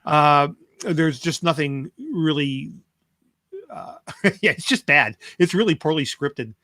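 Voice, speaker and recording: A man's voice: fairly high pitch, slow pace, sharp tone, no echo. A man co-hosting a review podcast in casual chat, wry and hesitant with frequent "uh"s. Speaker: podcast co-host.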